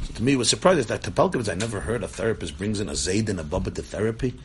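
A man tells a story to listeners. He is animated and acts out the people he quotes. Faint ambience sits behind him. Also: on the low side, rapid-fire, few pauses, background noise. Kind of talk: storytelling talk.

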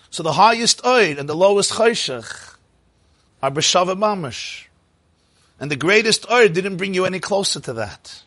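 A man's voice: a little high, fairly bright tone, dry recording. A man giving a spoken Torah lecture, emphatic and repeating phrases for stress. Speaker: teacher of a religious class.

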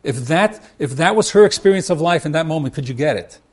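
A man's voice: fairly high pitch, lively intonation, quick pace, husky. A man speaking as a marriage counselor, teaching with examples and acting out both spouses' words, often repeating and restarting. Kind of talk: teaching talk with acted-out examples.

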